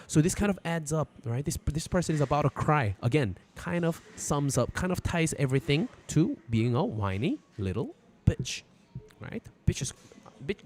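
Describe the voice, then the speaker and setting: A man with a medium-pitched, darkish voice teaches Korean on a live stream from outdoors. The lesson is casual and irreverent, and he swears freely while explaining.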